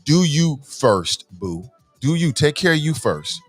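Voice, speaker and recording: A man hosting a morning talk show, talking to listeners in an animated, preachy, slangy way and swearing freely. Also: a little high, measured pace, soft background music.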